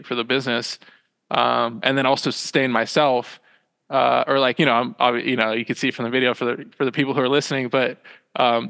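A man's voice: medium pitch, vocal fry, sharp tone, smooth. Young man rambling in a reverberant room. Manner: rambling, halting, full of fillers and self-corrections. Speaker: podcast guest, small business owner. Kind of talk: casual interview chat. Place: small room at home with a loft bed.

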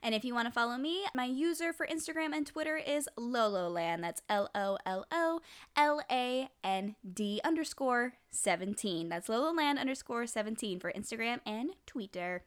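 A woman's voice: fairly high pitch, expressive, normal speed, clear, resonant tone. Chatty young woman podcast co-host. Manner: chatty, teasing, explains to listeners. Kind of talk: casual anime review chat.

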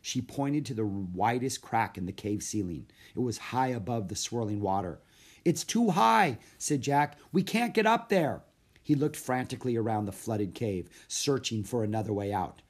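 A man narrating a children's storybook in a steady, measured reading voice. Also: on the low side. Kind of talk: storybook read-aloud narration.

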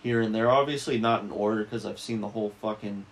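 A man's voice: lowish voice, quick pace. A young man co-hosting a casual podcast, laid-back and swearing freely as he chats. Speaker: podcast co-host. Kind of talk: casual crude chat.

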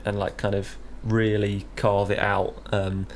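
A man's voice: fairly low pitch, little pitch movement, a little slow, gravelly, a little hiss or hum. A young man hosting a podcast, chatting easily about faith and often laughing. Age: young adult. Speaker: podcast host. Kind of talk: casual chat on faith.

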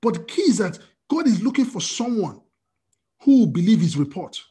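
A male pastor preaches with a mid-pitched voice that leaps up and drops down in lively swings. He fires questions at his listeners and answers them himself. It is a streamed church service. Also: normal speed. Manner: animated preaching with call-and-response questions. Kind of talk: sermon.

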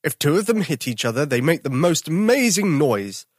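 A storyteller doing a big fierce bellowing daddy bear. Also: female voice, low voice, big pitch swings, moderate pace, no room sound, studio quality, full character voice. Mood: bossy. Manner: gruff bellowing.

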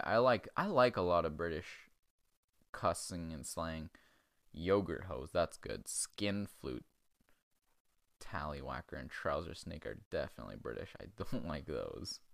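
Brief: male comedy host, low voice with a very lively swing, crude and rambling, dry close sound. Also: vocal fry, dry recording. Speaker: podcast host. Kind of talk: casual comedic chat.

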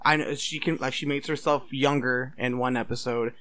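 A man in a casual chat, playful and quick to laugh. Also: mid-range voice, fairly even intonation, a bit bright, a little hiss or hum.

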